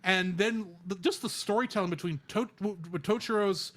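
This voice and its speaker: A man co-hosting a podcast, chatting casually in an animated, rambling way. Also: high voice, moderate pace. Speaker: podcast co-host. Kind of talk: casual chat.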